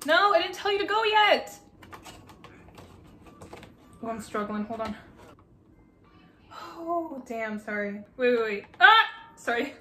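A young woman hosting a casual reaction video, excitable and gushing, swearing freely and breaking into squeals. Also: sits high, takes it slowly, long pauses. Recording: echoey room with faint noise.

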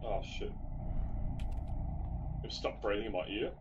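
A man's voice: fairly low pitch, measured pace. A young man who exclaims and swears a lot while gaming with friends. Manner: excitable, swears and exclaims often. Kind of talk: casual gaming chat. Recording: dull, noisy voice chat.

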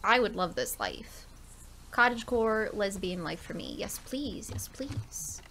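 A woman hosting a let's play, chatting casually and thinking aloud, now and then dropping to soft asides. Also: mid-range voice, animated, measured pace, slight background noise. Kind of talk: casual gameplay commentary.

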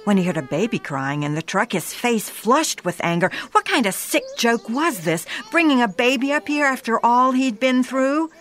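A woman narrating a scripted ghost story in a dramatic manner, slowing down for suspense. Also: a little high, lively intonation, fairly bright tone.

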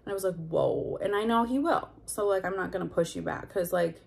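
A woman's voice: mid-range voice, fast, gravelly, a little mellow. A woman telling a personal story in a confessional vlog, candid and heated, full of fillers and blunt swearing. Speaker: vlogger.

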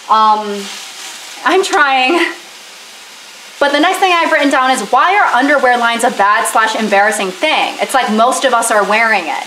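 A woman's voice: fairly high pitch, normal speed, pushed and bright, recorded from a distance, slight background noise. A young woman chatting casually while she cooks in her home kitchen, rambling and joking with many fillers. There is no separate microphone. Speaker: vlogger. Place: home kitchen, cooking at the stove. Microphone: camera mic, no separate microphone. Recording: roomy, off-mic kitchen with stove sizzle.

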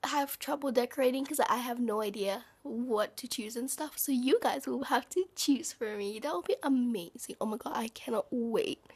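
Teen girl vlogger, high voice with lots of vocal fry, gushy and dramatic, whispers sometimes. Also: moderate pace, hardly any pauses, darkish tone. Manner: gushing, with dramatic exclamations; drops into a whisper at times. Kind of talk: casual chat to camera.

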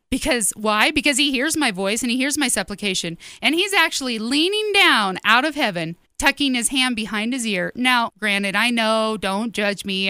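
Woman host, high clear voice, earnest testimony preaching, dry close sound. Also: bright, forceful tone, no echo. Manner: earnest, emphatic, direct address to listeners. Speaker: ministry host. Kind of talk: personal testimony sermon.

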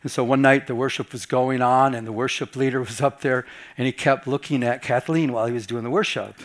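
At a Bible study, a middle-aged pastor tells a personal story, acting out his own reactions with lively swings between loud and soft. His voice is medium in pitch and he speaks briskly.

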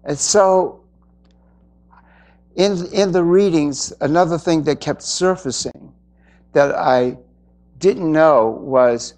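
A man giving an inspirational spiritual talk to an audience, earnest and reflective, with pauses. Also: fairly high pitch, darkish tone. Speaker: spiritual speaker.

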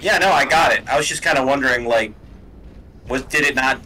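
A man's voice: mid-range voice, brisk, bright, forceful tone, a little hiss or hum, rough recording. A man co-hosting a let's-play, joking around, swearing casually and asking his friend questions about the game. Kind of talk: casual gaming chat.

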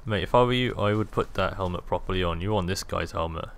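A man's voice: low voice, fast talker, fairly bright tone. A young man giving casual, jokey, rambling commentary while playing a video game. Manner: jokey, rambling, self-amused. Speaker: gaming video host.

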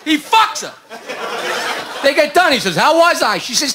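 A stand-up comedian telling rapid-fire dirty jokes, shouting his punchlines and laughing at his own gags. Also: very high voice, big pitch swings. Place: comedy club stage with live audience. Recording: noisy live club recording with crowd.

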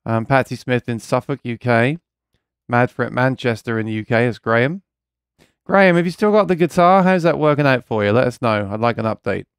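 A man's voice: medium pitch, a little fast, clear, resonant tone, no room sound, clean studio sound. A man hosting a casual live chat about music gear, rambling and reading viewer comments aloud, earnest and keen about guitars. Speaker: livestream host.

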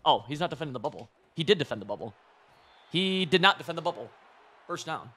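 A young man talks through a football video game as he plays it, jumping between calls to his players and chatty asides. He gets excitable, swears freely and breaks into laughs. His pitch sits in an ordinary middle range. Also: a little fast. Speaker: gaming streamer. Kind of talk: live gameplay commentary.

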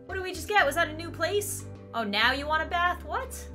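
A woman's voice: very high-pitched, animated, a little fast, over music. A young woman doing let's play commentary, chatting animatedly and cooing in baby talk at a virtual kitten. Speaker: gaming YouTuber.

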